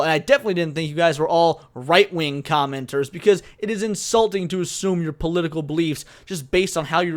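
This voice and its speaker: An American man hosting a commentary show, reading an article aloud and reacting with animated, exasperated outbursts. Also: on the high side. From United States. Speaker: commentary host reacting to news.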